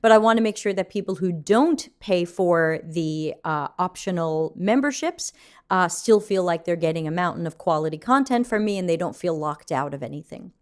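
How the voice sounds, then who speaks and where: A middle-aged woman hosts a laid-back livestream Q&A, chatting loosely and reading viewer comments out loud. Her voice is on the low side and animated, moving at a normal pace. She's yawning and still waking up.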